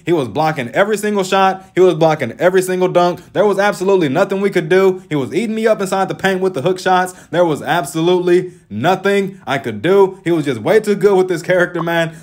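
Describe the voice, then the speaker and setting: A man giving casual game tips as a voice-over, talking with constant "man" fillers in an exasperated, lecturing way. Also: sits high. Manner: animated, frequent "man", lecturing. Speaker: gaming YouTuber.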